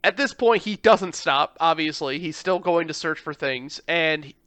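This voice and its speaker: A man casually retelling a film plot, animated, swearing, and slipping into mock voices for the characters. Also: fairly high pitch, normal speed, no room sound. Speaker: podcast co-host. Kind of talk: casual movie recap chat.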